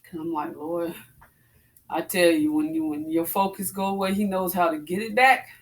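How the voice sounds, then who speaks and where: A woman's voice: on the low side, fairly even intonation, moderate pace. A woman in her forties chatting casually to her viewers while she works out, a little out of breath, calling them "y'all". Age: 40s. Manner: chatty, addresses viewers as y'all, breathy exclamations between exercises. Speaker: fitness vlogger. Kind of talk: casual chat while working out.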